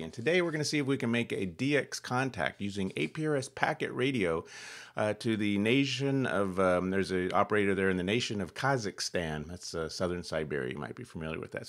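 A man's voice: on the low side, fairly bright tone. A man hosting a ham radio channel, explaining a radio demo in a rambling, chuckling way with lots of fillers. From California. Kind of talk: casual demo vlog.

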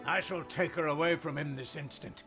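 A man's voice: on the high side, steady tone, moderate pace, natural voice. An actor playing a curt, busy male merchant in a fantasy role-playing game. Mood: irritable. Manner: curt, impatient. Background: game music.

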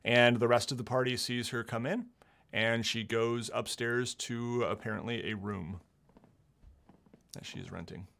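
A man narrating a tabletop game as game master, often pausing with ums. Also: mid-range voice, fairly even intonation, vocal fry, fairly bright tone. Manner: halting, many ums.

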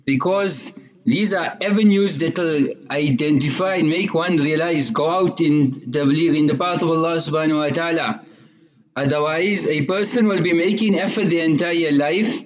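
A man preaching earnestly in a fairly high voice, weaving a story into his moral lesson. The recording sounds dull and lo-fi, as if the highs were cut off. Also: moderate pace. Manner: earnest, moralizing, sprinkles in Arabic religious terms. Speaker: Islamic preacher. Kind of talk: sermon with storytelling.

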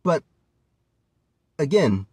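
A man with a somewhat high, husky voice rambles through a casual vlog commentary. His pitch swings widely as he goes, and he laughs and curses freely along the way. The sound is dry and close. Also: extremely slow, dry recording. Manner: animated, laughs often, swears freely. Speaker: vlogger.

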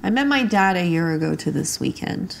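A woman's voice: on the low side, expressive, a little fast, gravelly, slight background noise. A woman in her forties giving a documentary interview, heartfelt and reflective.

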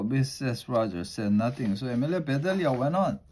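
A man reading a children's storybook aloud in a plain, unhurried way, slowing down for effect. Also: mid-range voice, expressive, a little mellow, slight background noise. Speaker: storybook reader.

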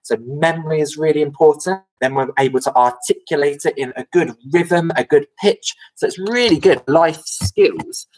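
A woman's voice: low voice, normal speed, hardly any pauses, darkish tone, poor audio. A woman who teaches music to young children, singing call-and-response songs and explaining them in a friendly, chatty way. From England. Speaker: primary school music teacher. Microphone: recorded at home for a video lesson.

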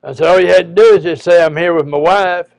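Halting folksy preacher man. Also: high-pitched, creaky, no room sound. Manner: halting, restarts often with long pauses. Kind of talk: folksy personal storytelling.

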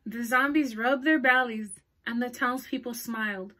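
A woman children's librarian reads a picture book aloud at storytime, her voice sitting a little high. She talks in a chatty way, pausing to ask her young listeners questions and laughing along as she goes. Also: fairly bright tone.

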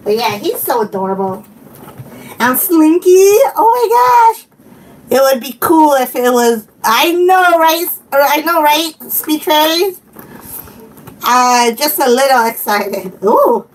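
A woman vlogger chatting casually while unboxing, giggling often and gushing with excitement. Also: high voice, slow, recorded from a distance, a little hiss or hum, low-quality recording. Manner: giggly and gushing, frequent laughter.

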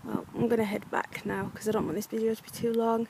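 A young woman with a slightly high voice talks casually to a handheld camera as she walks her dog along a clifftop. She sounds frustrated and leans on plenty of fillers. Faint outdoor ambience sits behind her. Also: flat delivery, fast, gravelly, background noise. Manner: chatty, frustrated, many fillers. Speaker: vlogger. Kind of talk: casual vlog narration.

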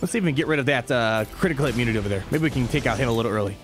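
A young man giving live gameplay commentary as a streamer, talking to his chat and shifting quickly between calm and excited. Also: medium pitch, faint music behind. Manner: excitable, talks to chat, quick mood swings.

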